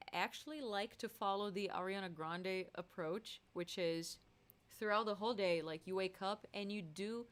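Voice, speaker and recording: A woman's voice: lowish voice, clear, resonant tone. A young adult woman chatting casually between songs on her live stream, laughing often as she talks. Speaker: musician hosting a live stream.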